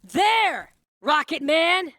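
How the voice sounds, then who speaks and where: A crude, dim-witted grown son, voiced by a woman, spits out mocking taunts in a high, pushed voice. The audiobook character is vengeful and loud, recorded dry and close. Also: animated, normal speed, no room sound. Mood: taunting.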